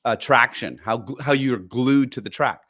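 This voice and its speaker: Man, podcast co-host, casual chat, rambling, filler-heavy, mid pitch. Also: normal speed, a bit bright. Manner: rambling, filler-heavy explanations with many restarts.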